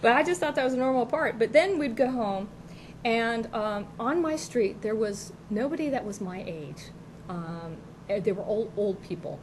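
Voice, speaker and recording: A woman's voice: fairly high pitch, normal speed, slight background noise, rough recording. A middle-aged woman co-hosting a local TV talk show, telling rambling childhood stories in casual chat and often laughing. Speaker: co-host. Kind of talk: casual chat, personal storytelling. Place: local TV studio.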